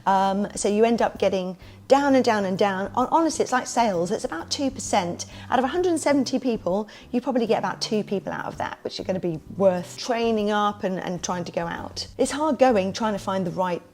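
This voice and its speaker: A woman who runs a kids party business, telling stories as a podcast guest in a lively way and acting out the voices she quotes. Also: mid-range voice, a little fast. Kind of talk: casual interview storytelling.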